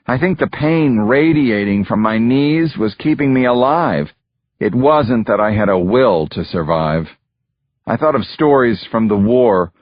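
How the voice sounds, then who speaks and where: A man narrating an audiobook in the first person, measured and grave. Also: medium pitch, no echo. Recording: dull, muffled dry recording.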